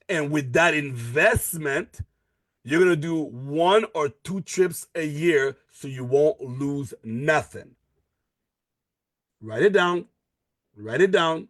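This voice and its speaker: Energetic man pitching a business opportunity. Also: no room sound. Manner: energetic, pushy sales pitch with repeated phrases. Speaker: presenter of a network marketing opportunity. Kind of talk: live online sales presentation. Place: at a computer, sharing his screen in a live video call.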